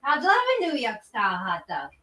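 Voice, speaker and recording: A woman improvising a comedy scene, playful and quick to switch into different voices. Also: medium pitch, sing-song, fairly bright tone. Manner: playful, jumps between voices. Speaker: improv performer. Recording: roomy stage audio from a distance with faint noise.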